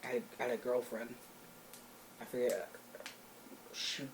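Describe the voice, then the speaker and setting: A man's voice: medium pitch, fairly even intonation, a little slow, noisy background. A young man co-hosting a podcast, crudely telling a story in casual chat, laughing often. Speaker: podcast co-host.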